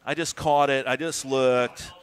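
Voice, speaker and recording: A man casually commentating a golf video game stream, joking, swearing and bursting into excited shouts. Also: mid-range voice, unhurried, clear, resonant tone.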